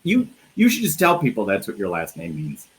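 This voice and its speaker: This interview host from the Midwest has a lowish voice with wildly swooping pitch and a slightly fast delivery. He's chatty and jokey on a casual live video-call interview, often restarting phrases, in a low-quality recording.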